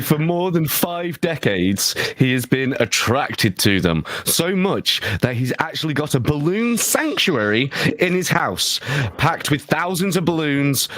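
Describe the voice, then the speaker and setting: A man's voice: mid-range voice, big pitch swings, a little slow, fairly bright tone, no echo. A man co-hosting a podcast, telling an odd news story with crude jokes and frequent laughter. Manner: laughs a lot, crude and teasing. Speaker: podcast co-host. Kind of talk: casual storytelling banter.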